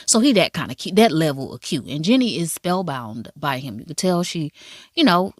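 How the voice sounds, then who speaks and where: A woman giving a casual, profane and animated recap of a drama, with asides in a high voice. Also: moderate pace, dry recording, studio quality. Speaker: drama reviewer.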